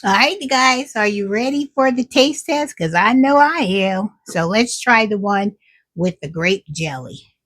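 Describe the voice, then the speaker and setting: A woman's voice: medium pitch, animated, unhurried, a bit bright. A middle-aged woman hosting her own cooking vlog, chatting with viewers while she tastes her food. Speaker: cooking vlogger. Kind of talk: casual cooking vlog chat.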